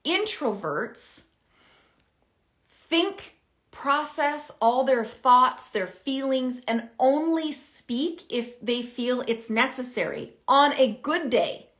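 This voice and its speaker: A middle-aged woman talking casually to camera as a parenting coach, animated and chatty, thinking out loud as she explains. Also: high-pitched, slow. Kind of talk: casual direct-to-camera advice.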